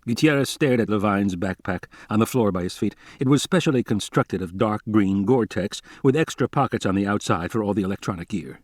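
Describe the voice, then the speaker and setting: Male narrator for audiobook, even-paced storytelling, dry and close. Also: fairly low pitch, a little fast, hardly any pauses, dry recording. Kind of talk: scripted narration.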